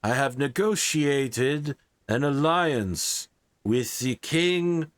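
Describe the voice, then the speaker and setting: A man voicing a pained male king who speaks to the players through a magic axe, in a slow and formal way. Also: medium pitch, lively intonation, smooth, dry recording, pitched above the performer's own voice. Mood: regal, grave. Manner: slow, formal, regal speech.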